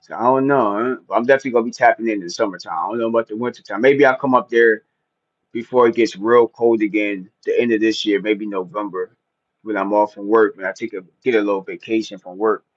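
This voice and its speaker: A man's voice: fairly low pitch, fairly even intonation, quick pace. A man with a North Jersey accent, hosting a casual livestream chat in a laid-back, slangy way and laughing often. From New Jersey. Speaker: livestream host. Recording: dull lo-fi stream audio.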